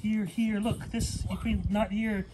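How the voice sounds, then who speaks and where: Woman, patient and calm, instructive parent, mid-pitched voice, noisy background. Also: unhurried. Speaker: parent guiding children in a craft. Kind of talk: casual home video.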